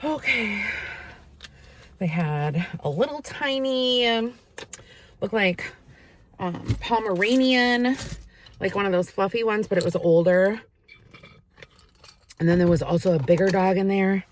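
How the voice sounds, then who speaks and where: A woman chatting casually while driving, rambling from one errand to the next and talking to her dog in a high baby voice. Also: unhurried, long pauses. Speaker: vlogger. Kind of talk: casual car vlog chat. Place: inside a car while driving. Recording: steady car road noise.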